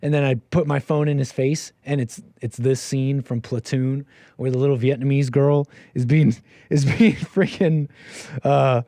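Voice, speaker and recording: A man hosting a livestream call-in show, rambling and joking, getting loud and high when he hams up a story. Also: steady tone, measured pace, no room sound, studio quality. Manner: jokey, rambling, swings loud and high for emphasis. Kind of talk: casual livestream talk.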